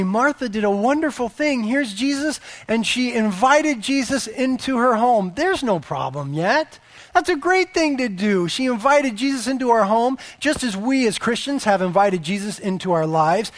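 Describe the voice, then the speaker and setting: High-voiced man preaching emphatically. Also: fairly bright tone, no room sound. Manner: emphatic, rhetorical repetition. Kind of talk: sermon.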